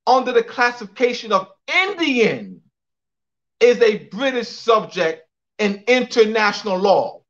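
A man's voice: sits high, very animated, unhurried, fairly bright tone, muffled recording. A man giving an emphatic lecture on a call, repeating phrases for clarity and spelling out names letter by letter. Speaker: guest speaker.

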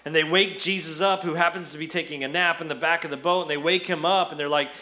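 Male pastor preaching on easter, talks casual and funny, bright punchy tone. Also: fairly high pitch, fairly quick. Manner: conversational, storytelling with humor. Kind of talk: Easter sermon.

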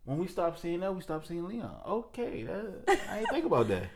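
Animated man telling a spooky story. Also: sits high, moderate pace, vocal fry, a loud crowd. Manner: animated storyteller, acts out voices in his stories. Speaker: podcast guest. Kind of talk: casual storytelling.

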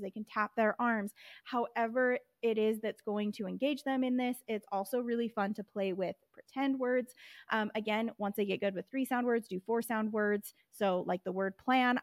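A woman with a fairly high voice and no echo hosts a podcast where she teaches reading. She gives step-by-step instructions and models the sounds of letters.

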